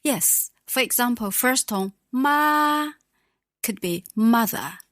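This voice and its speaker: A woman teaches a language lesson. She speaks slowly and patiently, modeling each sound clearly. Her voice is dry and close. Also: on the high side, dry recording.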